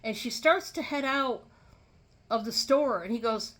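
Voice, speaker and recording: A woman's voice: on the high side, fairly bright tone. A woman casually telling a story to her viewers, chatty, with many fillers. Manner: chatty and drawn-out, lots of fillers. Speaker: storyteller vlogger.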